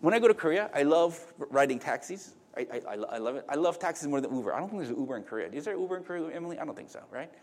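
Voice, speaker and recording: A middle-aged male pastor delivering a sermon. His voice sits a little high and swings widely in pitch. He talks conversationally, turning to the congregation with asides and restarting his sentences. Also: animated, racing, hardly any pauses.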